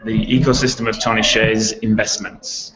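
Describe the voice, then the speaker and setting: A man with a blended English and Australian accent explains his work as a guest at a conference. His voice sits on the low side, measured and businesslike. The sound is dull and lo-fi. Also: little pitch movement, roomy sound, music in the background. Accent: mixed English and Australian. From England and Australia. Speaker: company founder, guest. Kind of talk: conference interview. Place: theater stage at a conference.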